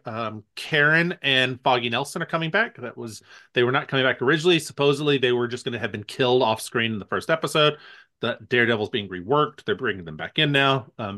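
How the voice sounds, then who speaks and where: A man co-hosting a podcast in casual chat, laughing often and telling stories with energy. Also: medium pitch. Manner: laughs often, animated storytelling. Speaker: podcast co-host.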